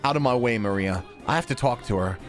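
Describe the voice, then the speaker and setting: A man's voice: medium pitch, fast, soft background music, lightly acted. A man voicing a jealous, frantic nobleman, reading visual novel lines in an agitated, rising voice. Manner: agitated, pleading, raised voice. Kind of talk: visual novel dialogue read aloud.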